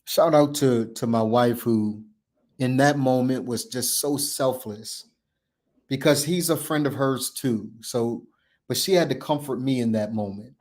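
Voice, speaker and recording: A man's voice: mid-range voice, measured pace, a little mellow. Male podcast host, storyteller, emphatic and repetitive delivery with acted-out dialogue. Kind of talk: personal storytelling.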